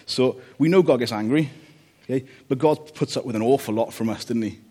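A man preaching a relaxed, conversational sermon, joking about family life and often checking in with "okay?". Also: mid-range voice, brisk, husky. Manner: chatty, jokey, checks in with "okay?".

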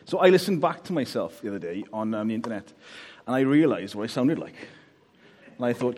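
Delivering a casual sermon full of jokes, the man from Wales speaks a little fast in an expressive, medium-pitched voice with a darkish tone. His manner is chatty, and he often checks in with the congregation with "okay?"

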